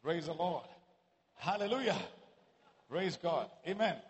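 A man preaching a sermon to a congregation in a church, at times raising his voice to a shout. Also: on the high side, lively intonation, measured pace. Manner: rises to shouting exclamations. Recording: echoey hall.

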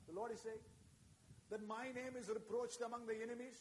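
A man's voice: extremely high pitch, little pitch movement, a little fast, a little hiss or hum. A man preaching a sermon to a congregation, fervent and frequently calling out amen and hallelujah while asking the listeners questions.

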